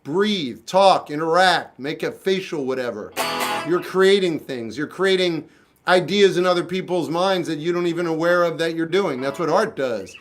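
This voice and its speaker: Male streamer, casual deadpan chat, slightly raised voice. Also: on the high side, moderate pace, hardly any pauses, over music. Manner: dry, offhand, jokey replies to comments. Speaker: livestreamer musician answering chat.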